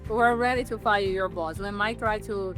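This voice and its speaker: A woman's voice: mid-range voice, normal speed, music in the background. A woman co-hosting a workshop, chatting in an upbeat, bubbly way. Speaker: workshop co-host. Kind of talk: casual chat.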